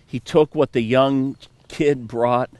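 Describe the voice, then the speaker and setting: A male pastor delivers a sermon at an unhurried pace. He mixes scripture reading with casual storytelling and light humor. The voice is mid-pitched and dry, with little room sound. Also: fairly even intonation, a little mellow, no room sound. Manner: storytelling, with playful asides.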